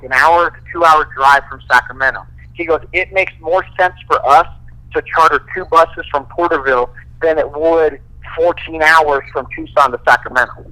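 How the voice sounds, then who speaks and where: A man, a fighter guest, casually telling profane, animated stories full of quoted dialogue. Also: a little high, rough recording. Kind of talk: casual storytelling.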